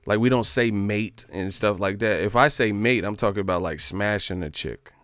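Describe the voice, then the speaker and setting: A man's voice: on the low side, normal speed, fairly bright tone, clean tone. A man chatting casually on a live stream, joking loosely with profane slang and frequent laughs. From United States.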